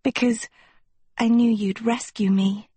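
A woman voicing a vain, preening teenage girl who would be princess, sweetly haughty and scornful, with a husky voice. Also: high-pitched, big pitch swings, unhurried, a little mellow, dry recording, voice pushed up, exaggerated voice. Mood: sweetly coy.

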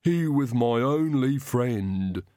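A man voicing a big, gruff castle servant who talks slowly in a thick, sorrowful voice. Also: mid-range voice, animated, warm tone, no echo, clean studio sound. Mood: mournful.

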